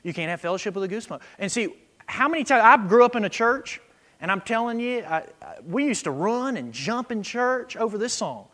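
High-voiced preacher in a reverberant church. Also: male voice, sing-song, moderate pace. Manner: preaching with big swings in loudness, reading scripture aloud emphatically. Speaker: pastor. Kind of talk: sermon. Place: church sanctuary. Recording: echo with long reverb in a church.

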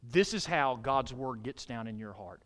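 A man preaching a sermon to a congregation in a church, with animated delivery that rises to emphatic peaks and drops low, and frequent questions put to the listeners. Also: normal speed. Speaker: pastor.

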